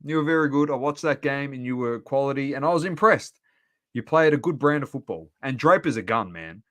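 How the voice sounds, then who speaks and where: A man with an Australian accent co-hosting a casual sports podcast, animated and laughing as he rants about footy. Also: medium pitch, brisk. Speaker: podcast co-host.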